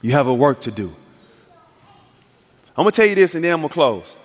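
Male pastor, high voice, storytelling sermon with emphatic climaxes, recorded in a reverberant church. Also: sing-song, brisk. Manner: storytelling preacher, acts out dialogue, builds to emphatic climaxes. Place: church sanctuary.

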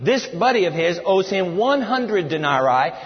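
A high-voiced male preacher swings his pitch widely as he drives his points home. He talks emphatically and keeps telling his listeners to jot things down. His voice carries a long reverb through a dull, lo-fi recording. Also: moderate pace. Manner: animated and emphatic, tells listeners to take notes. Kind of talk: sermon teaching from scripture. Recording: reverberant hall, dull lo-fi sound.

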